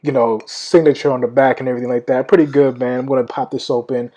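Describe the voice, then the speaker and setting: A man's voice: medium pitch, flat delivery, fast, warm tone, rough recording. A young man hosting a podcast, talking loosely and rambling with lots of fillers, calling his listeners y'all. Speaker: podcast host. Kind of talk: casual podcast talk.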